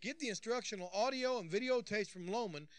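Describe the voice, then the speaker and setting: A promo announcer inside an old hunting game, voiced by a man. His voice is fairly high and pitched like an ad read. Loud hiss runs under everything he says. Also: fairly quick, close to an everyday voice. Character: adult male ad announcer for game calls. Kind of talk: scripted promotional voice-over.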